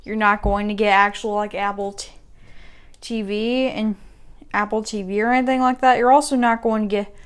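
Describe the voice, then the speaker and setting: Smooth-voiced woman, rambling tech walkthrough. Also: medium pitch, level tone, moderate pace. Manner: rambling, self-correcting, restarts sentences often. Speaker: tech YouTuber.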